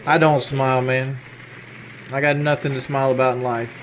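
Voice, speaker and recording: A man's voice: medium pitch, level tone, moderate pace, fairly bright tone. Male streamer, weary and bitter, swearing, noisy audio with clicks. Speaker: game streamer. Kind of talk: ranting live stream.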